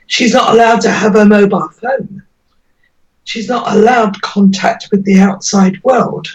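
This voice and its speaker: A woman's voice: mid-range voice, steady tone, a little slow. A woman interviewed about her daughter, talking earnestly and pleading, her voice breaking with emotion. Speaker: interviewee, mother. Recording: dull lo-fi audio, distant from mic.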